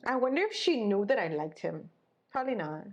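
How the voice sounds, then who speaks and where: Young woman podcast cohost, dramatic storyteller, acts out the quotes, middle pitch, chatty. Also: brisk. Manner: expressive, dramatic storyteller who acts out the people she quotes. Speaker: podcast co-host. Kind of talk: casual storytelling chat.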